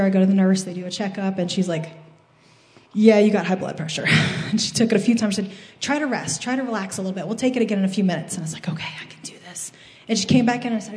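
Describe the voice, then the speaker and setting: A woman's voice: mid-range voice, mellow, echoey room. Earnest woman sharing a church testimony. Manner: earnest, storytelling, quoting her own prayers. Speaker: church member giving a testimony.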